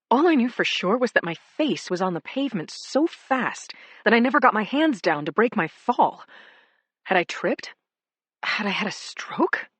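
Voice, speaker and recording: A woman narrating a first-person crime thriller audiobook in a measured, dramatic way. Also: fairly low pitch, no echo.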